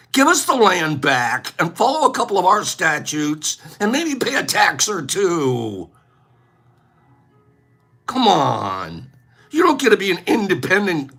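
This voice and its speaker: A man chats casually on his own livestream, rambling from one joking rant to the next. His voice is bright and slightly husky, and his pitch swings all over the place. Faint music plays behind him. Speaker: livestream host giving away plates.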